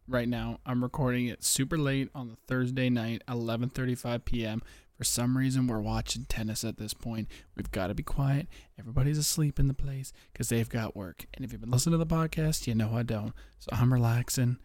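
A young man hosting a casual betting podcast from home late at night, rambling and swearing, keeping his voice low and a bit out of breath. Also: steady tone, fairly quick, no echo. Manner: rambling, profane, talking low to keep quiet. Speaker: podcast host.

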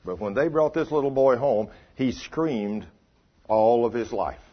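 An older man preaching a sermon in a folksy storytelling way, dropping low for commands. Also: animated, measured pace. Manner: folksy, drops into low hushed commands when quoting himself. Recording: dull lo-fi recording.

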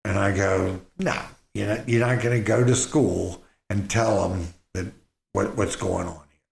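A middle-aged man casually telling a personal story in a rambling, halting way, full of restarts and fillers. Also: fairly low pitch, fairly even intonation. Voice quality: gravelly. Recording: roomy echo.

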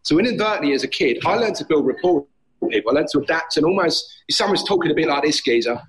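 Speaking quickly in a fairly high voice, a man who trains clients and runs a gym tells lively stories on a casual podcast, playing out the gym banter. It's recorded outdoors on a street in low quality, with faint street noise behind him.

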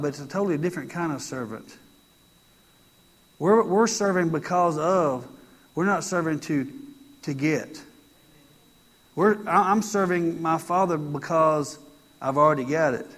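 A man's voice: on the high side, a little slow, pauses often, fairly bright tone. A man preaching a sermon in a conversational style, driving his points home with emphatic repetition. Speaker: pastor.

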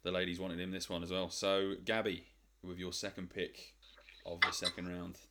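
A man's voice: low voice, flat delivery, very noisy. A man hosting a casual chat, laughing often and swearing freely. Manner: laughing, swearing, quick asides. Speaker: podcast host.

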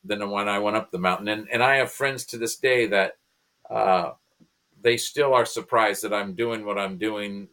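A man's voice: fairly low pitch, normal speed. A man, a pastor and comedian, telling his personal conversion story as a podcast guest, earnest and emotional. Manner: earnest, emotional, animated retelling.

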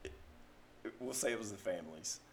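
Southern man in his 30s, podcast co-host, lower voice, meandering storyteller. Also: expressive, fairly quick. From Mississippi, US. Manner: rambling storyteller, heavy on filler "like". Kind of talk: casual chat.

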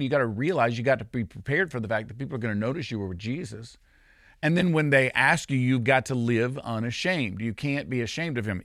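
A man's voice: mid-range voice, fairly bright tone. A male pastor delivers a sermon in a mid-range voice. He talks in a loose, conversational way, stumbling over restarts, then pushes up into emphatic peaks. The sound is dry and close, with no room echo. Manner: conversational preaching with frequent restarts and sudden emphatic rises.

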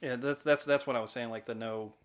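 Relaxed man chiming in on a film chat. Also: medium pitch, fast talker. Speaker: podcast co-host reviewing films. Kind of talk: casual chat.

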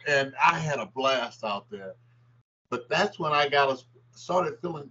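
An older former basketball player tells stories in an interview, acting out the quotes with animated flair. His medium-pitched, slightly rough voice moves a little slowly, and the recording has a dull lo-fi sound.

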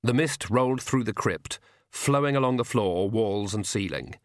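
A man reading a novel aloud as the audiobook narrator, telling the story in a measured, even way. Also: lowish voice, no echo, clean studio sound. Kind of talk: scripted narration.

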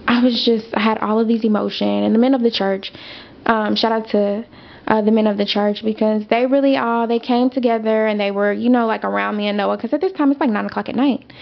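Animated young woman telling a story. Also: on the high side, fast talker, creaky. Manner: animated, emphatic, conversational with many fillers. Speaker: podcast host. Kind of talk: casual storytelling monologue. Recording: dull lo-fi audio.

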